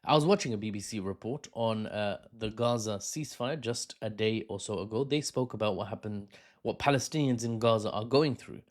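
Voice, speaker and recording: A man talks through current events in a loose, unscripted way. He stumbles, restarts phrases and fills pauses with "uh" and "um". His pitch sits in an ordinary middle range for a man. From United Kingdom. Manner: rambling, with fillers and self-corrections. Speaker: political commentator. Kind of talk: casual spoken commentary.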